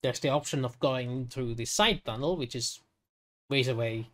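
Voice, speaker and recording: A man running a tabletop game as game master, narrating with hesitant pauses and fillers. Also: mid-range voice, a bit bright.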